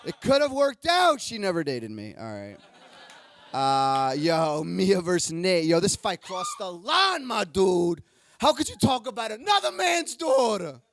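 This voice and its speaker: A man rattling through roast battle results on a comedy club stage, joking crudely about each fighter and breaking into sudden shouts. His voice sits fairly high. The delivery is loose, rowdy and self-mocking. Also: measured pace. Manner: crude, excitable, jokey, swings into shouts. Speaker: comedy show bishop recapping fights. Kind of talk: rowdy comic recap.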